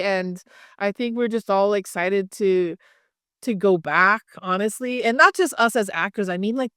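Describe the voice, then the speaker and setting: A woman's voice: mid-range voice, fairly bright tone, no echo, clean studio sound. A woman from Hawaii, an actress, chatting casually in an interview with lots of "like" and "um". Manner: friendly, chatty, many fillers like "like" and "um".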